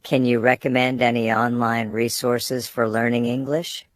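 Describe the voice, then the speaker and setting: A man's voice: medium pitch, level tone, moderate pace, no echo. Man reading student phrases, dry and close. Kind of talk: scripted phrase reading for learners.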